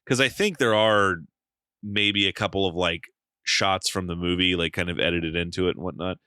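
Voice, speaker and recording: Lower-voiced man telling a story with energy. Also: normal speed, clear, resonant tone, no room sound. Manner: animated storytelling with frequent swearing and fillers. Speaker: podcast co-host. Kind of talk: casual chat.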